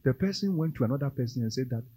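A man with a Ghanaian accent preaching a sermon, moving between English and Twi and rising to loud, emphatic calls. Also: mid-range voice, lively intonation, rapid-fire, husky, long reverb tail. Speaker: pastor.

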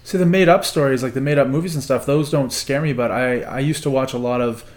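A man's voice: mid-range voice, fast talker. A man, a podcast guest, telling a long story casually and swearing now and then.

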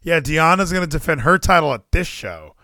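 A man talks wrestling in a loose, ranting way. His voice swoops high and low with a lot of life, and he swears freely. The sound is close and dry, with no room around it. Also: a little fast, dry recording. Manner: animated ranting, swears freely, acts out crowd shouts. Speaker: podcast co-host. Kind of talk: casual wrestling chat.

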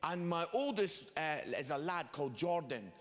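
A preacher in a large hall tells comic stories and slips into the voices of the people in them. His pitch sits high for a man and swings widely. A long reverb hangs on every line. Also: lively intonation, moderate pace. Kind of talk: sermon with comic storytelling.

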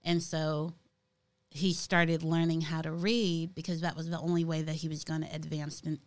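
Mom chatting on a podcast, lowish smooth voice, lots of ums and restarts. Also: female voice, little pitch movement, moderate pace. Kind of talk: casual chat.

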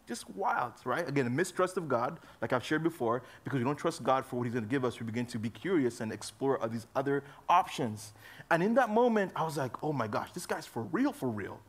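A young adult man giving a youth sermon in a casual, conversational way, full of fillers, moving between loud emphasis and soft low asides. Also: animated, brisk. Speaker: youth pastor.

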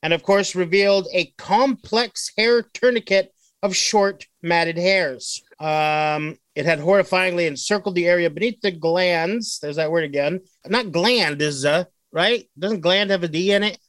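A man's voice: sits high, measured pace, fairly bright tone, no echo. A man hosting a casual podcast, reading odd news stories aloud with crude joking asides.

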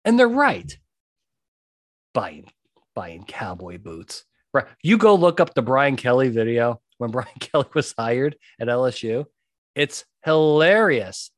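This medium-pitched man, a podcast host and jury consultant, talks at a normal speed with lively intonation. He gives advice emphatically in a conversational monologue, circling back to his main points, and the studio recording is dry.

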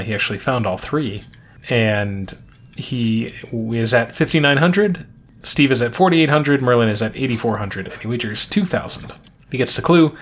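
Man recapping quiz show scores. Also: mid-range voice. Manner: relaxed, recaps scores and clues in detail. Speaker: podcast co-host. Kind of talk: casual game-show recap chat.

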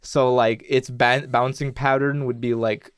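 A man's voice: medium pitch, a little slow, clean tone, dry recording, clean studio sound. A young man in his twenties chatting casually, swearing freely as he tells a story. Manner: swears often, loose animated storytelling. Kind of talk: casual chat.

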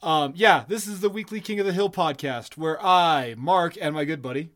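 A man's voice: on the high side, moderate pace, fairly bright tone. A man co-hosting a casual podcast, joking and rambling with profanity. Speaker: podcast co-host.

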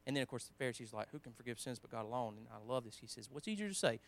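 A man preaching a sermon in a conversational way, with restarts, quoting scripture, swinging between emphatic lines and quiet asides. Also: mid-range voice, little pitch movement, racing, creaky.

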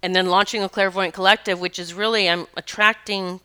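A woman working as a spiritual teacher, telling stories in a casual monologue, animated and emphatic, laughing often. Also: medium pitch, brisk, clean tone.

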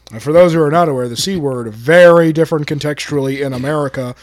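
A man's voice: on the high side, fast. A man hosting a podcast, cracking dry sarcastic quips in casual banter. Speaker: podcast host.

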